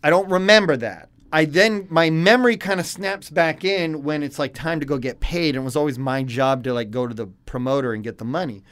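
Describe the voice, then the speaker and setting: A man in his thirties co-hosting a podcast, telling a story with animated quotes in casual chat. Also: a little high, brisk, hardly any pauses. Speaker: podcast co-host.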